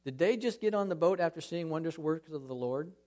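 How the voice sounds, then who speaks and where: Animated man preaching a casual sermon. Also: a little high, brisk. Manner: conversational, animated, acts out scripture scenes. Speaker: guest speaker. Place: church.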